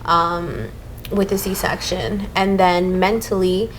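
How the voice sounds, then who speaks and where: A woman's voice: fairly low pitch, slow, vocal fry, slight background noise, low-quality recording. A young woman co-hosting a casual podcast chat about new motherhood, talking freely with many fillers and acting out her own past thoughts. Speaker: podcast co-host.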